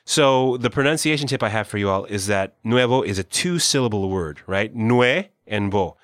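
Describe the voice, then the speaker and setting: A man co-hosting a Spanish lesson, explaining pronunciation patiently and repeating words slowly for learners. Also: on the low side, animated, dry recording, clean studio sound. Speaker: Spanish teacher, podcast co-host. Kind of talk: conversational language lesson.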